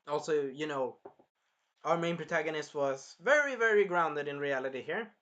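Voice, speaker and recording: Male reviewer, loose rambling recap, higher-pitched, bright and forceful. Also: animated, moderate pace, lo-fi sound. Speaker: anime reviewer. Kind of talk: casual episode review.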